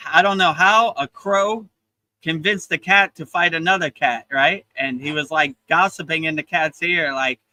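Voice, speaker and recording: A man's voice: a little high, normal speed, sharp tone, poor audio. A man hosting a casual spiritual livestream chat, earnest and emotional, often repeating words as he starts a sentence. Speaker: yoga teacher and livestream host. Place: beach in Thailand.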